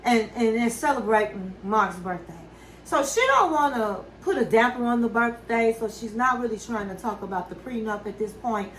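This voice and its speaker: A woman with a high voice recaps a reality show in a chatty, gossipy way, dropping asides as she goes. She sounds like she is in an echoey room, with a faint hum of background noise. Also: moderate pace, fairly bright tone.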